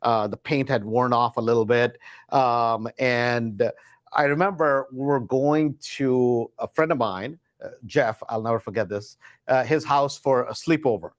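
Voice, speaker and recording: A man's voice: medium pitch, unhurried, no room sound, studio quality. A man from India telling a personal story to an online audience, casual and rambling, with many fillers and restarts. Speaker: host.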